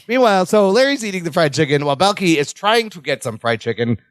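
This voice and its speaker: A man's voice: sits high, fast, no echo. A man co-hosting a podcast, chatting casually as he recaps a sitcom scene and acts out its lines. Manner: animated, retells scenes with quoted lines. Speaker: podcast co-host.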